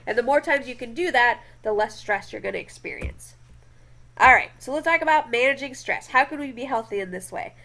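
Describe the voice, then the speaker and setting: A woman's voice: fairly high pitch, lively intonation, brisk, gravelly, bright, forceful tone. A young adult woman giving a casual classroom lecture from slides, chatty and often checking in with her listeners.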